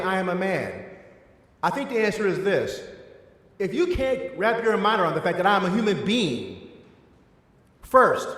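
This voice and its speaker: A man with an Eastern Shore of Maryland accent teaching an adult church class, stressing his points with a voice that climbs and drops for emphasis. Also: high-pitched. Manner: emphatic, rising and falling for stress. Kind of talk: adult education lecture. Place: church hall. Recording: echoey hall with long reverb.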